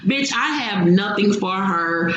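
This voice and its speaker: Woman, reaction host: brash, profane, slangy, middle pitch, very echoey room with a faint hiss. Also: expressive, slow, fairly bright tone, muffled recording. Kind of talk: casual reaction recap.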